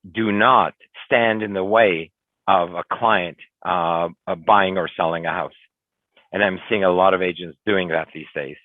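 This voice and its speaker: A somewhat low-voiced older man delivers an earnest coaching lecture for real estate agents. His voice comes through a thin, phone-like video call line. The sound is dry, with no room around it. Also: no echo. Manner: earnest, lecturing, often acts out clients and agents. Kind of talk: webinar coaching talk. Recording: tinny phone-like dry webinar audio.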